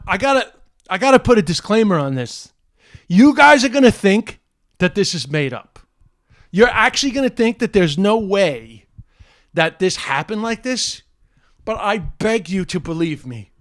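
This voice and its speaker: A middle-aged male comedian telling a true story to camera in a casual, animated way, restarting sentences and saying "but anyway" often. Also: high voice, dry recording, studio quality. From United States. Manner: animated, builds to excited near-shouting at the punchline; self-correcting restarts, frequent "uh" and "but anyway".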